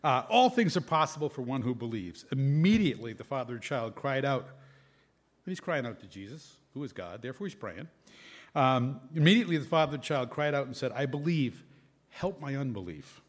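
Male preacher, mid-pitched, conversational sermon delivery, reads and reflects on scripture. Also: lively intonation, brisk. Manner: conversational, reads scripture aloud with varied emphasis.

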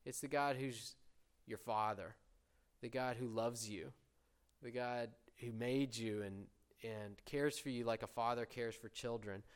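Earnest man preaching, smooth clear voice. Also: medium pitch, steady tone. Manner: earnest, slows and swells when voicing prayers. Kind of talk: sermon.

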